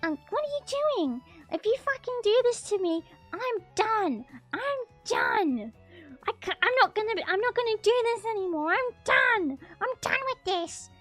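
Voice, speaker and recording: Woman playing a shrill, swearing hospital patient, high, loud, raging. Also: animated, moderate pace, faint music behind. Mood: screaming. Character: furious screeching woman in a hospital waiting room.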